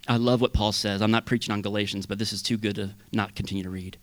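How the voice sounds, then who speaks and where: A man preaching a sermon as pastor, swinging between loud bursts and hushed asides. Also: lowish voice, fast, few pauses, no room sound.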